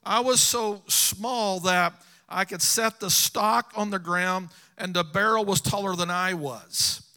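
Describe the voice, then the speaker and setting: A man's voice: high-pitched, slow, bright, forceful tone. A middle-aged man preaching a sermon, telling personal stories earnestly to his congregation. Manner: storytelling, earnest, addresses congregation.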